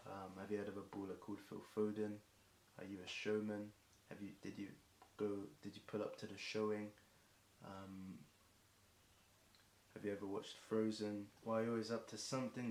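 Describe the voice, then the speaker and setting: A young English man improvising a rambling rhyming freestyle, voice getting hoarse, filling gaps with ums and self-corrections. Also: on the low side, level tone, brisk. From England. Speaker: streamer performing a marathon song. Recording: echoey room with faint background noise.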